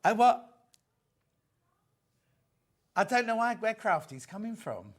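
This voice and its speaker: A man's voice: sits high, sing-song, takes it slowly, breathy edge. A chatty man presenting a live sewing shopping show, repeating himself and chatting with his guest. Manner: chatty, repeats himself, reads viewer messages. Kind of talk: live sales chat.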